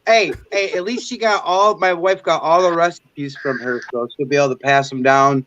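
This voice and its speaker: A man's voice: on the high side, normal speed, a bit bright, lo-fi sound. A man joining a casual chat as a guest, joking in a laid-back way.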